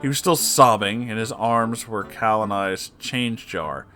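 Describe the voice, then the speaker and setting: A man reading an online story aloud with expressive, sarcastic, swearing asides. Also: fairly low pitch, unhurried, soft background music. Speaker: story reader.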